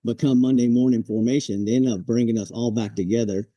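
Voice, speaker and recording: Male vet guest, 40s, deep mellow tone, easygoing anecdotes, dry close mic. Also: steady tone, fast talker, no room sound, highs cut off. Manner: laid-back, chuckles, acts out quoted drill instructors. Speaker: podcast guest, Marine veteran. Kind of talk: casual storytelling interview.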